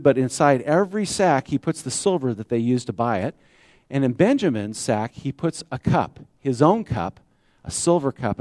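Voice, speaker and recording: A man's voice: mid-range voice, dark tone, no echo. Middle-aged man as pastor, chatty storytelling sermon, close dry recording. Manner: conversational storytelling with rhetorical questions.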